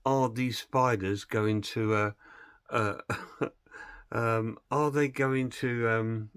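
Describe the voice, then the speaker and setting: A man's voice: fairly low pitch, a bit bright, dry recording, studio quality. A man casually retelling a film plot and reviewing it, rambling and hesitant with plenty of fillers.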